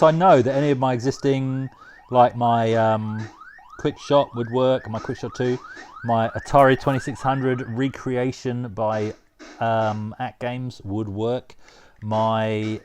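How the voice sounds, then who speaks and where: A man giving casual, excitable commentary while playing a retro game, laughing often and talking to himself. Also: medium pitch, slight background noise. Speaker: retro gaming vlogger.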